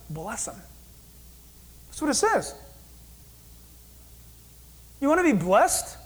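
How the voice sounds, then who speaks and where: A man preaching a sermon as pastor, animated, acting out God's voice in quoted asides. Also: extremely high pitch, slow, pauses often, poor audio.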